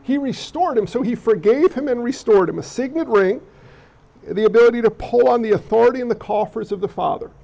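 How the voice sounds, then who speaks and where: A pastor delivers a sermon in a high, gravelly voice that sounds a little congested from allergies. He keeps it conversational, putting questions to the congregation as he goes. The recording is dull and lo-fi. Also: lively intonation, fairly quick, dark tone.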